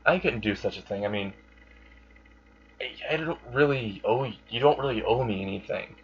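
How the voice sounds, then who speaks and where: A man's voice: fairly low pitch, moderate pace, natural voice. A man voicing a polite, earnest young woman in a hesitant way, barely changing his own voice, on a dull lo-fi recording. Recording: dull lo-fi sound.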